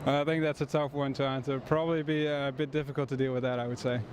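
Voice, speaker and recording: A man's voice: mid-range voice, level tone, fast talker, slight background noise. A man from the Netherlands, answering street questions hesitantly and politely. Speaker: passer-by interviewee. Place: outdoors on a city street.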